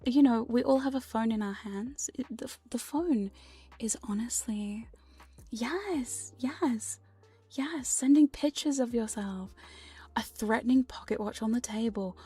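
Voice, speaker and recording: A woman streamer talking in a soft, rambling whispered role-play, playful and prone to swearing. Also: a little high, a little slow, slightly rough. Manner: frequent laughs and swearing. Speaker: ASMR streamer. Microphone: binaural ASMR microphone.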